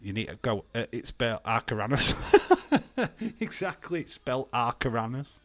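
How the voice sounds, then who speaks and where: A man's voice: mid-range voice, lively intonation, fairly quick, bright, forceful tone, dry recording. A British man hosting a wrestling watch-along stream, reading chat aloud, laughing often and arguing playfully, with some swearing. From Britain. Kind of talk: casual live-stream chat.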